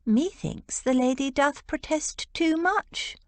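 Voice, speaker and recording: A woman's voice: fairly high pitch, very animated, measured pace, no room sound, pitched above the performer's own voice. A woman voicing an arch, teasing young Regency lady with a blunt wit.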